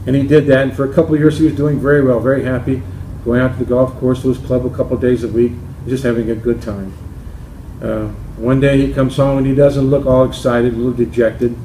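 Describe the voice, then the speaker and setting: A man presenting his golf shaft company and telling a joke, halting with restarts. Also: mid-range voice, flat delivery, mellow, a little hiss or hum. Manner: halting, with many restarts and fillers. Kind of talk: company promo talk with a joke. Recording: roomy with faint ambience.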